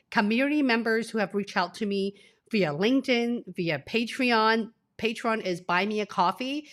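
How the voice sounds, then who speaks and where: A woman's voice: mid-range voice, fairly bright tone. A woman career coach in her forties speaking to live-stream viewers, sick and tearful, effusive and emotional. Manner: emotional, effusive, talks straight to the audience.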